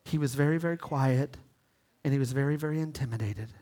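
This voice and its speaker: A male pastor preaching a sermon in a lively, playful way, talking with the congregation and swinging between hushed and loud delivery. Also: mid-range voice, a little fast. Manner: animated, swings from whispers to shouts.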